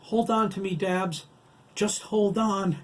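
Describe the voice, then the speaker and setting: Man doing a frantic, shouting teen boy. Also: sits high, fairly even intonation, takes it slowly, voice pushed up. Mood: urgent. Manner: shouting, pleading. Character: desperate teenage boy, scared and defiant.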